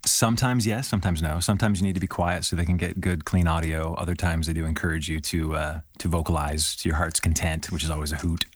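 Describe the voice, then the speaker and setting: A man's voice: low-pitched, steady tone, fast, few pauses, slightly rough, dry recording. A man who is a creature suit actor, talking easygoingly in a casual interview.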